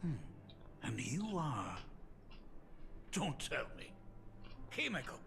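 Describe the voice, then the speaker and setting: An actor playing a teasing, wry middle-aged father, speaking in a gravelly voice in a game scene. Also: a little high, sing-song, bright, forceful tone, a little hiss or hum, full character voice. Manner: wry, mocking, drawn-out.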